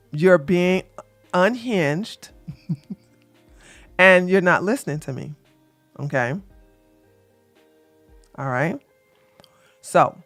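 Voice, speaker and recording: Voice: mid-range voice, no room sound. A live-stream dating advice host talking to the chat, brash and scolding, trash-talking with bursts of laughter and repeating phrases for emphasis.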